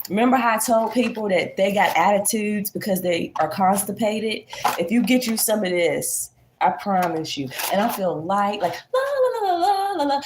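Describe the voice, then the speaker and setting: A folksy, talkative woman, chatting casually straight to her viewers. Her voice sounds congested. The recording has clear background noise and clicks. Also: medium pitch. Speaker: vlogger. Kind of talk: casual chat to camera.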